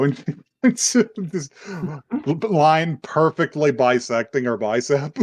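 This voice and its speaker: Animated man retelling a story. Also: fairly high pitch, takes it slowly. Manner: animated retelling, swears, acts out characters' lines. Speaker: podcast co-host. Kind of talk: casual chat recapping a horror anime.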